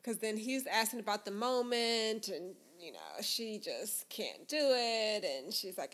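A woman's voice: mid-range voice, big pitch swings, a little slow, hardly any pauses, a bit bright. A woman co-hosting a casual recap chat, chatty and acting out quotes with loose slang. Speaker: podcast co-host recapping a reality show.

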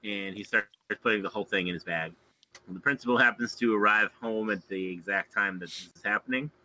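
A man with a lowish but bright, forward voice walks through a film's plot in casual podcast chat. He chuckles often as he goes. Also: brisk, rough recording. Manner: chuckles often while recounting scenes. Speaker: podcast guest.

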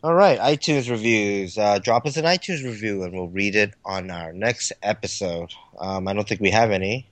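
Easygoing and casual, a man hosting a hobby podcast reads out listener names and plugs the show's links. His voice is lowish, at normal speed with few pauses, and there's no room sound.

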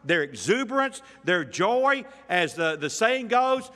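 Bright-voiced man preaching in a reverberant hall. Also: sits high, big pitch swings, unhurried, few pauses. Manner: emphatic verse-by-verse teaching with rhetorical questions. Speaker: pastor. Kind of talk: sermon.

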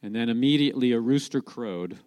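Male preacher, mid-pitched voice, lively storyteller, recorded in a hall with long reverb. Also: fairly quick. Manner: lively storytelling with rhetorical questions. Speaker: Messianic preacher. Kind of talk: sermon.

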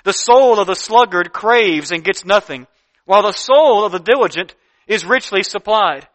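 A man preaching a sermon, reading Bible verses slowly and deliberately and then explaining them in earnest, plain talk with emphatic repeated lists. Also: high voice, lively intonation, a bit bright. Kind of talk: sermon teaching from Proverbs.

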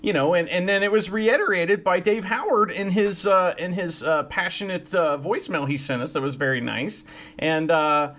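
A man's voice: sits high, normal speed, fairly bright tone. A man co-hosting a podcast in casual chat, chatty and laughing, cursing now and then. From Ohio, USA. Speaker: podcast co-host.

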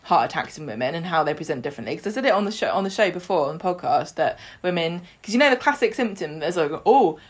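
A woman's voice: lowish voice, animated, fast talker, few pauses. A woman co-hosting a podcast, animatedly retelling soap scenes and mimicking the characters, laughing often. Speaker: podcast co-host. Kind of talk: casual chat recapping a soap.

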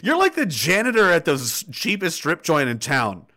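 Guy from nova scotia ranting on a livestream, bright lively voice, sarcastic and swears a lot. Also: a little high, normal speed. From Nova Scotia, Canada. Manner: sarcastic, animated, swears, laughs often. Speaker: livestream host reading chat. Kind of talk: casual rant reading viewer comments.

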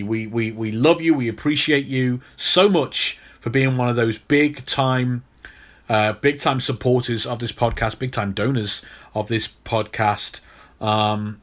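A young British man co-hosting a podcast, talking in a playful, animated and mock-stern way. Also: mid-range voice. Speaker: podcast co-host. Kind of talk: casual podcast chat.

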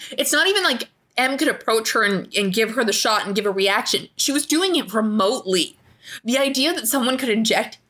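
A woman's voice: medium pitch, sharp tone. A young woman co-hosting a casual book discussion podcast, rambling animatedly with frequent groans and sighs. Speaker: book club podcast co-host.

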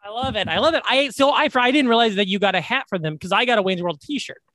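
A podcast co-host with a high, pushed, bright voice talks fast in a dry recording. He chats casually and rambles through stories, restarting often.

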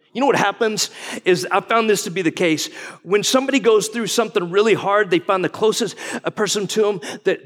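In a high, slightly bright voice, a man in his forties preaches as a guest pastor. His sermon is folksy and chatty, with questions thrown out to the congregation, and the sound carries the long reverb of a big hall.

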